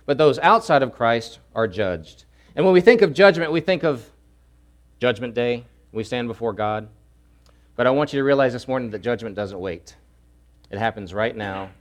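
A man preaching a sermon, swinging from loud urgent pleading to hushed, low asides. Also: expressive, moderate pace. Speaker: pastor.

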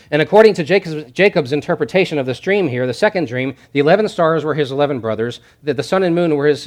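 A man preaching a sermon at a middle pitch. He hammers his points home by repeating the same phrase again and again. When he reads scripture aloud, his delivery lifts with mounting energy. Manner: emphatic, repeats key phrases for stress. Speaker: pastor.

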